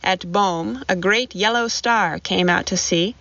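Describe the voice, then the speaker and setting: Slow, measured woman reciting poetry. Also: mid-range voice, gravelly, a bit bright, no echo, dull audio. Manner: measured rhythmic verse reading.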